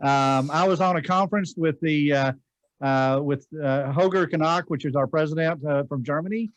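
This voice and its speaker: A man hosting a meeting over a video call, talking casually and haltingly with many fillers. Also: a little high, dry recording, lo-fi sound. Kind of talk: casual chat.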